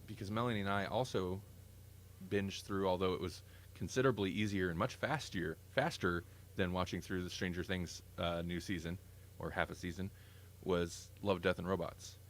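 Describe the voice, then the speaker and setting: Speaking at normal speed in a deep voice, this man hosts a relaxed podcast conversation, rambling with enthusiasm and frequently fixing his words mid-sentence.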